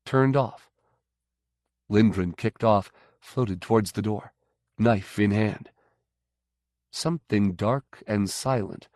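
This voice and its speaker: A man narrating a science fiction audiobook in a measured, even way. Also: on the low side, no echo, clean studio sound. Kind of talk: scripted narration.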